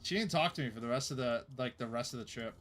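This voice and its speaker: A man's voice: mid-range voice, fast talker, a bit bright, soft background music. A young man, a streamer, telling a story in a rambling, casual way, with fillers and laughs.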